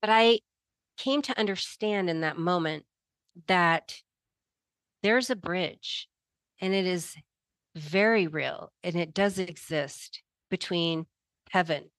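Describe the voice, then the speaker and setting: A middle-aged woman earnestly recounting a deeply personal experience, emotional and vivid in her telling. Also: dry recording. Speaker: guest telling a near-death experience. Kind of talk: personal testimony.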